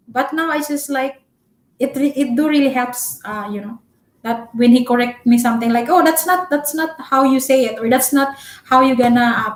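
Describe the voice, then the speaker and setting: A young woman from the Philippines, a Cebuano speaker with a Filipino accent, gives relationship advice in a chatty, loud-spoken live-stream vlog packed with fillers. Her voice is fairly high-pitched. The recording has an echoey room sound.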